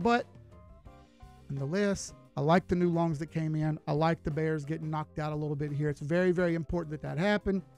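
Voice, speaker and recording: A man's voice: high voice, creaky, a little mellow. A man giving live chart analysis on a stream, talking casually and greeting viewers as he goes. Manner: casual, folksy, chats with viewers while reading charts.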